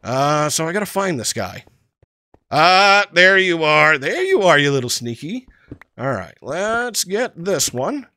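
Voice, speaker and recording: Man, gaming commentary, high-pitched, very lively, jokey, talks to the creatures. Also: a little slow, no echo. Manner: excitable, talks to the mobs he meets; frequent fillers and restarts, jokey. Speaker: gaming channel host. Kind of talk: Minecraft let's play commentary.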